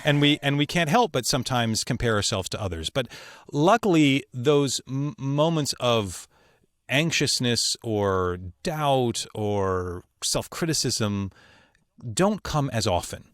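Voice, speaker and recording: A man, a voice actor as a podcast guest, telling studio stories in a lively way, laughing and acting out the voices of the people he quotes. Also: medium pitch, slow pace, no room sound. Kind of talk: animated storytelling in conversation.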